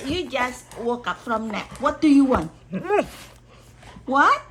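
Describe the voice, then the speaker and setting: A woman's voice: high-pitched, big pitch swings, slow, fairly bright tone, a little hiss or hum. A young woman chatting casually with her dog, coaxing it with frequent laughs. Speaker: dog owner. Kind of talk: casual chat with her pet.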